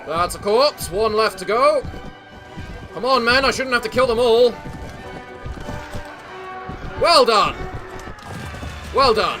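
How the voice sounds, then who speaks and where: A man doing let's play commentary, excitable and joking, who shouts during fights. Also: very high-pitched, slow, long pauses, faint music behind. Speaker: gaming channel host.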